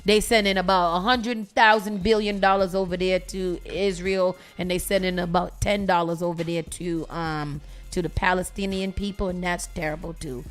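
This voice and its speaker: A woman from the United States, hosting a morning radio show and reading news items with animated comments. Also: lowish voice, moderate pace, hardly any pauses, faint music behind. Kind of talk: casual morning-show chat.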